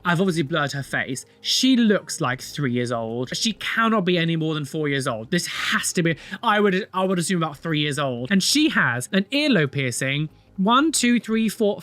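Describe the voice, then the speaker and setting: A man doing reaction commentary as a vlogger, animated and dramatic, with gasps and blunt, scolding remarks. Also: on the high side, moderate pace, few pauses, dry recording.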